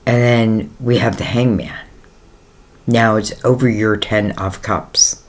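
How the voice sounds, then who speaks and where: Speaking slowly with a fairly low, fairly even voice, a man gives a casual tarot reading. He rambles conversationally with many fillers, addressing the listener directly and reassuringly.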